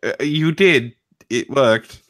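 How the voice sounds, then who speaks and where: A man's voice: medium pitch, slow pace, a bit bright. A man hosting a casual online chat, reacting in an incredulous way and steering the talk.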